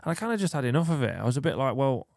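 A motorcycle racer telling stories as a podcast guest, laid-back and chuckling. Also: male voice, mid-range voice, sing-song, very fast, creaky, a little mellow, dry recording, studio quality. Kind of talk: casual storytelling chat.

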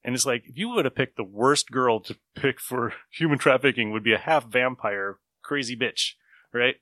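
A man hosts a casual podcast, rambling loosely through stories with plenty of laughing and swearing. His voice is bright and forward. The sound is close and dry, with no room around it. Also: medium pitch, moderate pace, no room sound. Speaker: podcast host reviewing comics. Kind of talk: casual chat.

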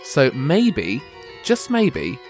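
A man's voice: medium pitch, huge pitch swings, drawn-out words, faint music behind. Teasing man in comedy chat. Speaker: podcast co-host.

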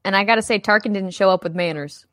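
A woman co-hosting a live-streamed fan podcast in casual chat, giggling and reacting quickly. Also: mid-range voice, fairly bright tone, dry recording. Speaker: podcast co-host.

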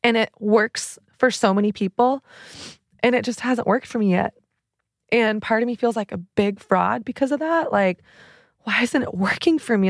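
Her voice is a little high and moves at normal speed as this thirty-something podcast host and relationship coach opens up in an earnest, confessional way, saying "like" a lot. The audio is clean studio sound with no echo.

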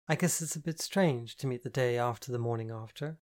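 Calm deadpan young woman, read by a man. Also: medium pitch, lightly acted. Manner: deadpan, flat, unhurried. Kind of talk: audiobook character voice.

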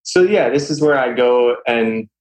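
A man's voice: medium pitch, expressive, measured pace, a little mellow, rough recording. A young adult man speaking as an interview guest, sincere and easygoing, often breaking into light chuckles. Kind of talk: casual interview chat.

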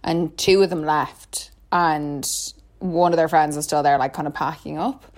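A young woman spins a rambling party story with a chatty, giggly manner, stringing her sentences together with "like". Her voice sits a little low for a woman. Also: fairly even intonation, unhurried. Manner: chatty, full of "like", laughs often. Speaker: podcast co-host telling stories. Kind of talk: casual storytelling chat.

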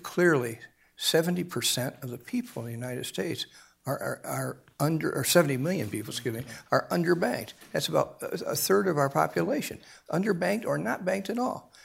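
A man's voice: a little high, expressive, gravelly, breathy edge. A man speaking as a guest in a panel discussion, often stopping to repeat words before pressing his point harder. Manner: halting, repeats words, grows emphatic.

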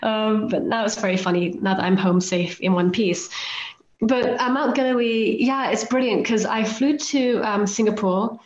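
A woman's voice: mid-range voice, moderate pace. A woman guest on a podcast telling her travel stories in a chatty, self-deprecating way and acting out the lines people said to her. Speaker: guest author and volcano climber. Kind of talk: anecdotal storytelling in a podcast interview. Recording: roomy, slightly dull remote audio.

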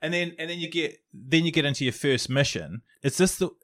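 A man's voice: on the high side, a little fast, fairly bright tone. A man hosting a podcast, asking friendly questions and steering the chat. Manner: short prompts and friendly questions. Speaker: podcast host. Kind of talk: casual interview.

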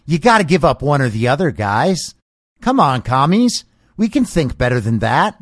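Guy doing sarcastic political commentary, pitch jumps around a lot, dry close sound. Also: very animated, moderate pace, no room sound. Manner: sarcastic, mocking. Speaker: podcast host. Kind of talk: political commentary reading and mocking news quotes.

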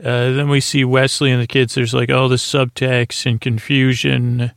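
A man's voice: mid-range voice, flat delivery, moderate pace, gravelly, fairly bright tone, no echo, clean studio sound. A man hosting a bedtime podcast, recapping a TV episode in a meandering, hesitant way full of asides and restarts. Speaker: podcast host.

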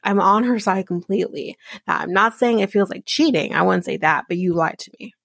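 A woman's voice: mid-range voice, brisk, creaky, fairly bright tone, husky, dry recording. A woman podcast host giving a casual, blunt and sarcastic recap of a reality show, swearing freely. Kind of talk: casual commentary.

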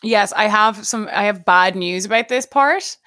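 A woman's voice: mid-range voice, a little slow, pushed and bright, no echo, studio quality. A young woman co-hosting a podcast in casual chat, telling stories animatedly with swearing and laughter. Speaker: podcast co-host.

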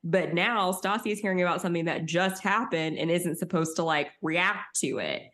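A young woman with a slightly low voice co-hosts a casual podcast. She recaps reality TV in an animated, chatty way. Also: moderate pace. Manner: animated, acts out quotes with high voices. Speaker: podcast co-host.

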